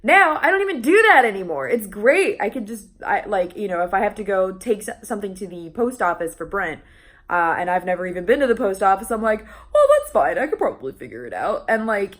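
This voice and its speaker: A woman's voice: mid-range voice, expressive, brisk, fairly bright tone. A young woman talking casually in a vlog, chatty and full of restarts and fillers, laughing often. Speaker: vlogger.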